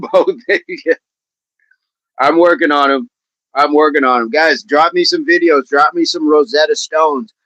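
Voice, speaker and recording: A man's voice: a little high, measured pace, a bit bright, dry recording, lo-fi sound. A middle-aged man hosting a livestream, chatting casually, reading viewers' comments, laughing often and repeating phrases playfully. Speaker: livestream host.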